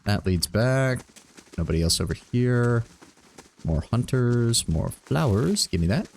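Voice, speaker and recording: A man's voice: medium pitch, big pitch swings, measured pace, vocal fry, a little mellow, slight background noise. A man streaming a game, casually thinking aloud and reading out game text and stats. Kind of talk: casual gameplay commentary.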